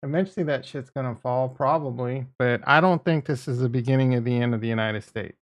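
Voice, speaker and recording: A man's voice: mid-range voice, brisk. Man, casual market talk, blunt, cursing, repetitive, exasperated. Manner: blunt and profane, repeats himself, gets exasperated. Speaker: crypto and stock market YouTuber.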